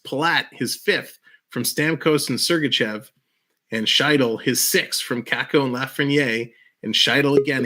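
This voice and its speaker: A man's voice: mid-range voice, bright, forceful tone. A man hosting a livestream in casual chat, upbeat and laughing often. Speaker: livestream host.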